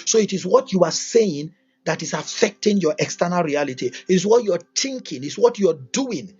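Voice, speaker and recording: A man's voice: sits high, expressive, normal speed, darkish tone, slightly rough. A man giving a livestreamed motivational talk, emphatic and repetitive, asking lots of rhetorical questions. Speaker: motivational teacher. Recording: dull lo-fi recording.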